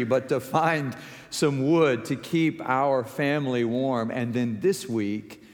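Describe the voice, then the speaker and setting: A man preaching a sermon as pastor, telling stories slowly and deliberately with emphatic rises. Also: medium pitch. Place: large church sanctuary. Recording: long reverb of a large sanctuary.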